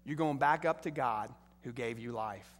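A middle-aged man preaching a sermon as pastor, emphatic and building to loud bursts. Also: medium pitch, normal speed, big-room sound.

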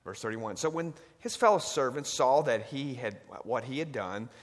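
Man preaching, storytelling, gets loud then real quiet, big hall reverb. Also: medium pitch, animated, moderate pace. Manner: dramatic, swings from loud to hushed. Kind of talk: sermon storytelling. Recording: long reverb of a large hall.

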